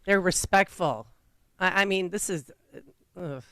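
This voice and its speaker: Woman, radio co-host, smooth clear voice, chatty, laughs easily, dry studio. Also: fairly low pitch, a bit bright, dry recording. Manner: chatty, quick to laugh, indignant. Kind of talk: talk radio banter.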